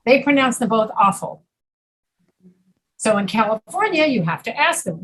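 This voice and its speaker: A woman's voice: a little high, big pitch swings, fairly bright tone, breathy edge, low-quality recording. A woman teaching an online pronunciation class, patiently modeling words over a video call. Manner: patient, explains slowly, models words carefully.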